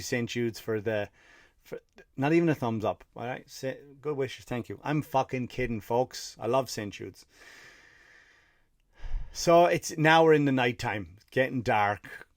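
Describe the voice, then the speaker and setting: A man's voice: medium pitch, dry recording, studio quality. An Irish man who hosts a comedy podcast, telling a rambling story with profanity and fired-up rants. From Ireland. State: tired after running 50 miles (story).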